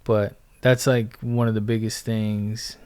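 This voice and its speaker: A man's voice: on the low side, level tone, slow pace, darkish tone, clean tone, no echo. A man in his thirties, co-hosting a casual chat with his wife, speaking in a direct, straightforward way. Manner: direct, straightforward, with many fillers and restarts. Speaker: co-host.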